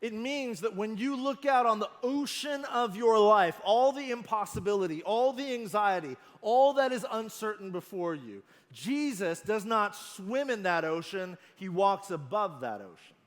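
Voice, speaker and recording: Male pastor, sermon, high voice, slow and emphatic, reverberant hall sound. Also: expressive. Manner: earnest, emphatic, slows down on key phrases.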